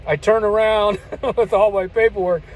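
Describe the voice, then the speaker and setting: A man's voice: sits high, fairly even intonation, normal speed, low-quality recording. An older man, a truck driver, telling stories in a rambling, folksy way and chuckling between remarks. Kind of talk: casual spoken storytelling.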